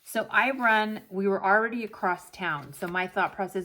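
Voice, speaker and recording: A woman's voice: on the low side, fairly quick, hardly any pauses. A woman in her forties telling a long story in a chatty vlog, acting out the dialogue as she quotes it. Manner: animated, retells with quoted dialogue. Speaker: planner vlogger.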